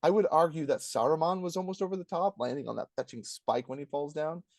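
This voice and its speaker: A man on a podcast, talking fast and excitedly as he rants, jumping into a higher voice when he mimics people. His voice sits a little high for a man. The close mic sounds dry, with no room echo. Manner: animated, ranting, acts out quotes in a high voice. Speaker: podcast co-host. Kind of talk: casual review chat.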